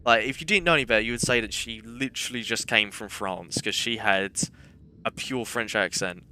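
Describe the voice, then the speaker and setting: A man's voice: fairly low pitch, fairly quick, bright, forceful tone, slight background noise. A young man streaming a game, rambling through casual anecdotes with self-deprecating humour. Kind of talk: casual gameplay commentary and storytelling.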